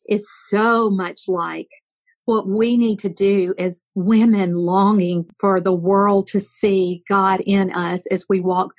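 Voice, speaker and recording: An older woman giving an earnest Christian devotional talk, telling a story and often dropping her voice to a soft whisper at the end of a line. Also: medium pitch. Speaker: guest speaker.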